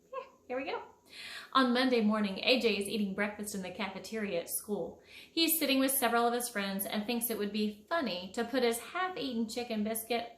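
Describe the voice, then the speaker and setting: A woman, a children's book author, greeting schoolchildren and reading her picture book aloud with expressive, encouraging delivery. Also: on the high side. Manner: warm, encouraging, expressive storytelling. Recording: echoey room.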